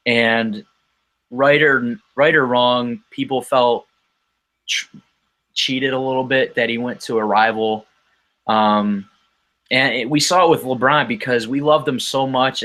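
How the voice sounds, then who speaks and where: A man's voice: medium pitch, a bit bright. A man talking as a guest on a podcast, telling a casual story in a rambling way with frequent ums and restarts.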